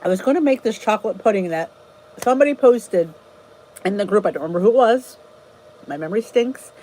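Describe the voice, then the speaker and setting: A woman's voice: mid-range voice, lively intonation, brisk, dark tone, a little hiss or hum, rough recording. A woman hosting a casual livestream chat, greeting viewers by name and answering their comments in a rambling, chatty way. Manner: rambling with frequent restarts. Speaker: channel host.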